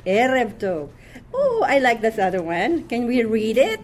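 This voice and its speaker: A woman's voice: a little high, huge pitch swings, measured pace, slight background noise. A woman teaching a class, patient, repeating words and checking in with frequent questions. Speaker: Hebrew teacher.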